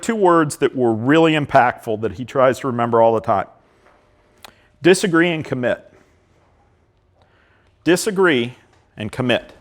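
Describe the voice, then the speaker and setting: A man in his fifties from Ohio, a park system director giving a plain-spoken leadership talk to a live audience, often acting out dialogue. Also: mid-range voice.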